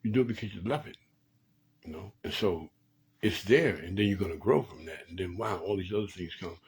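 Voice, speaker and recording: A man's voice: deep voice, brisk, darkish tone, husky, low-quality recording. A man hosting a late-night talk, giving relationship advice in a preachy way, often repeating and restarting phrases. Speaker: host.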